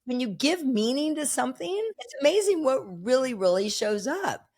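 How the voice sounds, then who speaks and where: A middle-aged woman talking as a podcast guest, animated and emphatic, with many fillers. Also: high-pitched, normal speed. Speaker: podcast guest, speaker and coach. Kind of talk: conversational interview.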